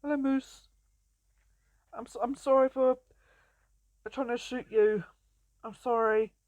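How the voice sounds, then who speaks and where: A woman's voice: fairly high pitch, steady tone, slow pace, a little mellow, no room sound. Chatty young woman playing a game. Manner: chatty and playful, often laughing and greeting animals. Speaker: gameplay commentator. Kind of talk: casual let's-play commentary.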